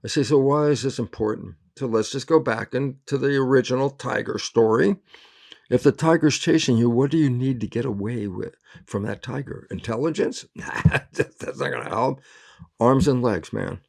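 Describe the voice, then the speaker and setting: Gravelly-voiced man telling an animated story. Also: mid-range voice, moderate pace. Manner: acts out both sides of remembered conversations; lively, emphatic, laughs often. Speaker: interview guest, cell biologist.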